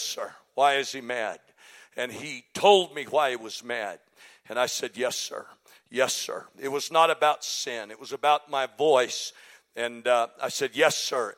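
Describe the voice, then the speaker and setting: A male preacher with a bright, ringing voice that sits a little higher than most men's. He swings between shouted calls to the congregation and hushed, almost whispered confession. This is a church sermon, delivered live. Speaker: pastor. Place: church sanctuary.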